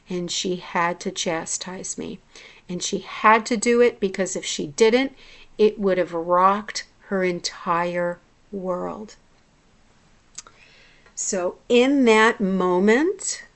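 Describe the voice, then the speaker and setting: Slow, reflective woman sharing a personal story. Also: mid-range voice, a bit bright. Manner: slow and reflective, confessional, with many restarts. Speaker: hypnotherapist. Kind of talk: casual personal vlog.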